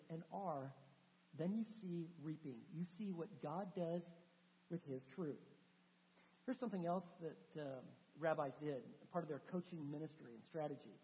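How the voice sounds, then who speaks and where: Animated preacher in a reverberant hall. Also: mid-range voice. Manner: animated storytelling, acting out quoted dialogue. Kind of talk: sermon. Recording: dull sound with long hall reverb.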